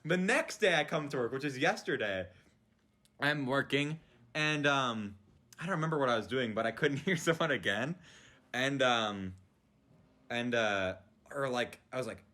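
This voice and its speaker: A young man hosting a podcast in casual chat, telling animated stories and acting out the people in them. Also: medium pitch, moderate pace, pauses often. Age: young adult. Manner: animated storytelling, acts out the people he talks about. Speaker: podcast host.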